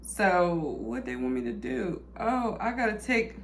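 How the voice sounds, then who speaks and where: A young woman, vlogging a food review, dramatic and chatty, swinging from loud squeals to low mutters. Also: big pitch swings, measured pace, a little hiss or hum. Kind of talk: casual food-review vlog.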